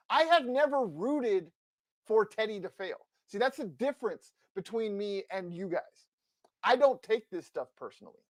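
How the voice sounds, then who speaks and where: A man's voice: high-pitched, no room sound. Fired-up sports podcast man, dry close mic. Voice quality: passionate, emphatic and combative. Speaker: podcast co-host.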